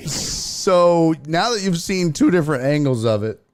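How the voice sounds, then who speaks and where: Animated, profane sports talk host. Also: male voice, on the high side, measured pace. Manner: profane, animated, reads chat aloud. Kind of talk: casual livestream commentary.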